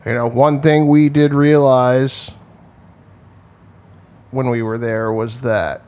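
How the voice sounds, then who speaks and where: A man's voice: medium pitch, fairly even intonation, slow pace, darkish tone. A man in his forties, rambling and wisecracking with lots of swearing in casual chat.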